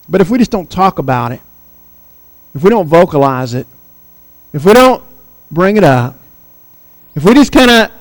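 A preacher with a strikingly high voice delivers a sermon in slow, emphatic phrases, dropping into dramatic voices for quotes. His close, dry voice carries a long reverb tail from the church sanctuary. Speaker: pastor.

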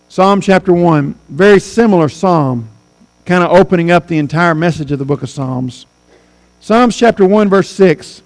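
A man preaching a sermon, rising on his key points and dropping low when he quotes scripture. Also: low-quality recording.

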